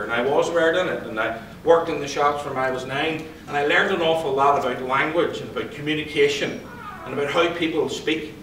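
A man giving a motivational talk to an audience, telling stories and quizzing the crowd in a lively way. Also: fairly high pitch, slight background noise. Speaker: conference speaker and psychologist. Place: event hall. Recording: roomy hall, distant pickup.

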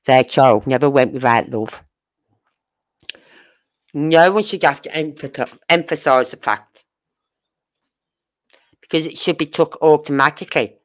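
Slow-talking sarcastic true crime commentator. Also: mid-range voice. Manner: sarcastic, rhetorical questioning; blunt, uses crude slang. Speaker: true crime channel host.

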